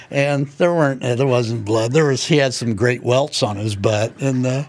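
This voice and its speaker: An older author from Indianapolis, USA, is being interviewed and tells rambling, folksy anecdotes packed with fillers. His mid-range, creaky voice moves at normal speed with hardly any pauses, in a conversational storytelling style.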